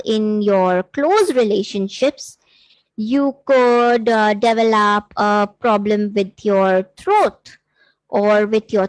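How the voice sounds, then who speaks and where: A woman's voice: on the high side, dry recording, low-quality recording. A woman coach hosting a live-streamed workshop. She talks earnestly, with many fillers, to viewers she invites to write in. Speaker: intuitive coach and workshop host.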